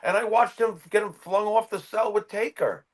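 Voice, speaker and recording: A man's voice: high-pitched, normal speed. A man co-hosting a wrestling podcast, telling a personal story in casual chat. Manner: animated anecdote teller. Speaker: podcast co-host.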